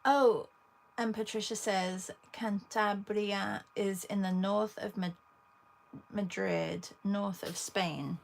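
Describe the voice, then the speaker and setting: An English woman talks to her viewers as she paints, in slow, unhurried chat with long pauses. Her voice has a gravelly fry, and a faint hum of room noise sits underneath. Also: medium pitch, steady tone. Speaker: art livestream host. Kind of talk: casual chat while painting.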